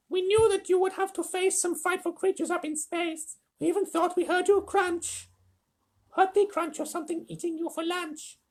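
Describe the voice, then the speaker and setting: A man voicing a chorus of tiny cheerful factory workers, singing a high squeaky chant for a storybook reading.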